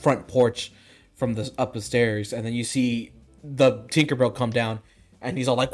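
A man's voice: medium pitch, fairly even intonation, moderate pace, soft background music. A young man co-hosting a casual movie review podcast, laughing often and retelling scenes with quoted voices. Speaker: podcast co-host.

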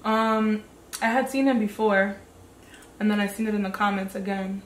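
A woman's voice: medium pitch, steady tone, moderate pace, echoey room, slight background noise. A young woman co-hosting a casual reaction chat, easygoing and slangy. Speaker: co-host.

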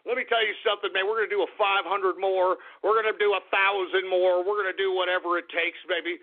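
A man hosting a talk radio show, brash and boastful, whooping and shouting with excitement. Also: high-pitched, quick pace. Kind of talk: boisterous talk radio monologue. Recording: tinny phone-like radio audio.

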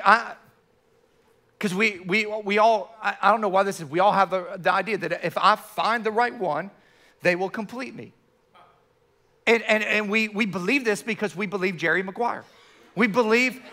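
A man preaching a sermon to his church, animated, often restarting his words. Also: sits high. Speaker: pastor.

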